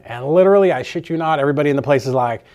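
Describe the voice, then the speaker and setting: A man's voice: a little high, rapid-fire, a little mellow, dull audio. Chatty, loose-talking man teaching a course. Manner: loose and chatty, with frequent swearing and filler words. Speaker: real estate course instructor. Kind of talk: casual storytelling lesson.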